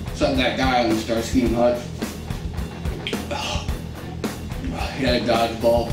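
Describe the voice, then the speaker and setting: Slow casual man, roomy far-off sound. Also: mid-range voice, flat delivery. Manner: slow, casual, crude, talks with food in mouth. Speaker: food review vlogger. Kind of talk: casual spicy food challenge vlog. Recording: roomy audio from far mic with guitar music.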